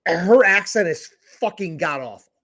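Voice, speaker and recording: A man's voice: high-pitched, expressive, normal speed, a bit bright. A man co-hosting a podcast, blunt and profane in casual chat. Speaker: podcast co-host.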